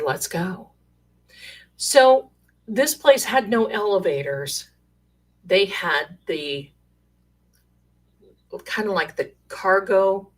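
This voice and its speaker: Slow-talking woman telling stories. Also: lowish voice. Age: middle-aged. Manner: animated, rambling, exclamatory. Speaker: storyteller sharing paranormal stories. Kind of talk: casual storytelling.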